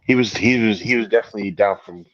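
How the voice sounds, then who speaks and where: Man, mid pitch, joking casual chat, dull dry home-mic sound. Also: fast, a bit bright, dry recording. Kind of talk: casual group chat on a stream.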